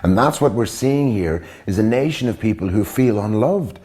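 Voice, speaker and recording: A man's voice: on the low side, animated, moderate pace, warm tone. An Irish man speaking in a documentary interview, indignant and emphatic, firing rhetorical questions. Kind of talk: impassioned commentary.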